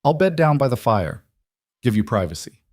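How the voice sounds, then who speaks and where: A man reading a storybook voicing a plain-spoken lone rancher, calm and firm. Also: mid-range voice, moderate pace, no room sound, voice pushed up. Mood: gentle.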